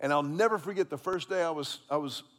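A man preaching in a loose, chatty storytelling way, his voice sitting high for a man. The sound rings with the long reverb of a large hall. He talks from a church stage. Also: quick pace. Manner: casual, animated storytelling with fillers. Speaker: pastor. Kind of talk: sermon storytelling.

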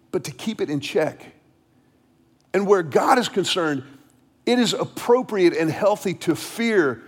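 A middle-aged man preaching a sermon as pastor, repeating words as he restarts and dropping low and quiet when he tells a story. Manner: storytelling, drops low and quiet for quoted lines.

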